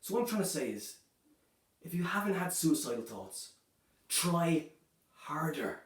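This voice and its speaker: A man performing a stand-up comedy set, delivering dark jokes in a loose, chatty way, filling his lines with "you know" and "right". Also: fairly high pitch, big pitch swings, unhurried. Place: comedy club stage. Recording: echoey room, voice from a distance.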